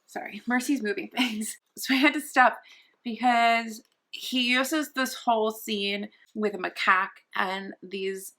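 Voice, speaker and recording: A woman's voice: on the high side, unhurried, fairly bright tone. A young woman vlogging casually from her sofa at home, rambling and gushing with many restarts. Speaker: book vlogger. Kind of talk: casual vlog chat.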